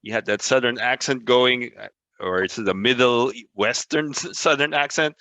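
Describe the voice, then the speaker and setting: A man's voice: medium pitch, normal speed, pushed and bright, no echo. A man giving casual spoken feedback in an online meeting.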